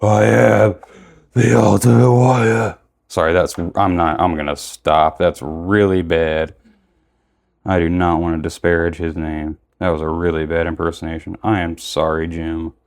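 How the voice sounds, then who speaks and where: A young man with a notably low-pitched voice talks through an action figure unboxing in a loose, casual way. He rambles, backtracks and corrects himself as he goes. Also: flat delivery, moderate pace, smooth.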